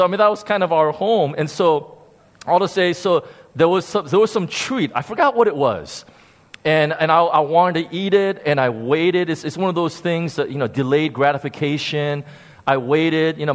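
A man preaching a sermon, telling a story with animated emphasis and frequent repeated words. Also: a little high. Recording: long hall reverb.

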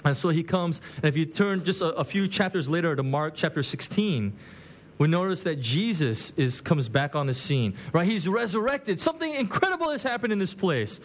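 A man delivers a sermon in a loose, conversational style, his voice sitting somewhat high for a man. He acts out the quoted lines with big swings in his voice as he talks. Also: expressive, moderate pace. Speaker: pastor.

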